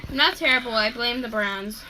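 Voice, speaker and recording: A woman's voice: on the high side, brisk, noisy background. A woman making slime on a vlog, talking in a silly, playful way with lots of fillers, recorded on a phone. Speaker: vlog co-host.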